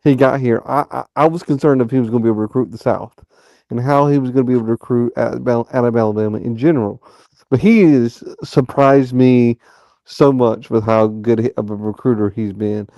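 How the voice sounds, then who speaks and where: A man hosting a fan call-in show, giving his opinions in a drawn-out, stammering way. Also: medium pitch, steady tone, mellow, no room sound, lo-fi sound. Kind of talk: casual sports talk.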